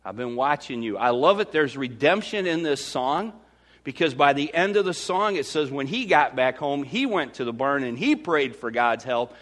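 A Midwestern American man preaching a sermon as pastor, swinging from loud to hushed. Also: on the high side, lively intonation, normal speed.

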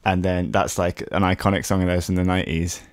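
Lowish voiced guy co-hosting a music podcast, keen and rambly, dry close mic. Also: little pitch movement, fast talker, no echo. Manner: enthusiastic, rambling with fillers. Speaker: podcast co-host, music producer. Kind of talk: casual chat.

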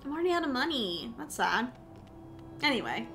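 A woman's voice: on the high side, very animated, brisk, fairly bright tone, soft background music. A woman streamer chatting playfully with her chat while gaming, goofy and self-mocking. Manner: playful, silly, talks to chat.

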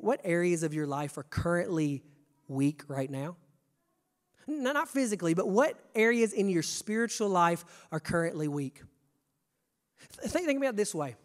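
A young man preaching a sermon, stammering on restarts and swinging from hushed to shouting. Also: sits high, sing-song, normal speed, pauses often. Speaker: pastor. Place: church sanctuary. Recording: long church reverb.

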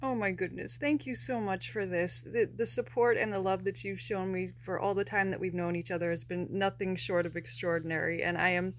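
A woman hosts a casual unboxing vlog with a middle-pitched voice. She gushes over each item and breaks into soft laughter as she gets emotional. Faint noise sits under the recording. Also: steady tone, a little fast, hardly any pauses. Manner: gushing, emotional, often laughing softly. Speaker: plush collector vlogger.

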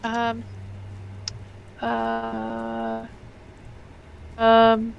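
A woman's voice: fairly high pitch, big pitch swings, very slow, muffled recording, a little hiss or hum. A woman playing a game with her son, chatting casually and sounding flustered by connection problems. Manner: flustered, exclaims often. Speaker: family teammate in a game. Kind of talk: casual gameplay chat.

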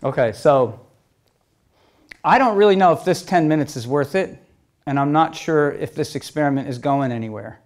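A man's voice: on the high side, lively intonation, moderate pace. A man giving a conversational storytelling talk, acting out exchanges as dialogue and checking in with his listeners. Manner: keeps checking in with "okay?" and "you know?"; re-enacts exchanges as quoted dialogue. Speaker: speaker telling stories to an audience.

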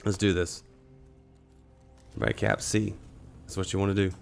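A man's voice: deep voice, little pitch movement, brisk, gravelly, soft background music. Sniffly gamer guy with a cold. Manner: casual chatty, talks to teammates and viewers. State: sick with a cold, coughing. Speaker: gaming streamer. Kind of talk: live gameplay commentary.

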